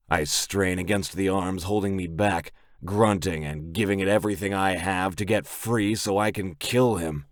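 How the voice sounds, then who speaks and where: A man's voice: low voice, steady tone, moderate pace, no echo, clean studio sound. A man narrating a romance audiobook in first person, in a gritty, blunt way.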